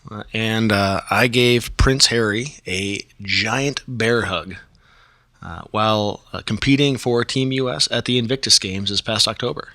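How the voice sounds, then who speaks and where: A man's voice: on the low side, a little slow, bright, forceful tone, dry recording, studio quality. A man guest on a podcast, telling a story casually with many fillers and chuckles.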